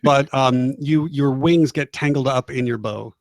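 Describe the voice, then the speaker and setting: A man's voice: mid-range voice, a little slow, no room sound. A man narrating a tabletop game as game master, casual and laughing, with many fillers and restarts.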